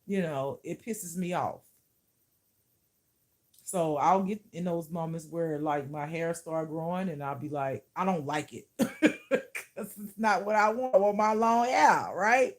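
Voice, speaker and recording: A woman's voice: lowish voice, takes it slowly, long pauses. A woman who teaches spirituality, talking to camera in a casual vlog, blunt and profane, often laughing.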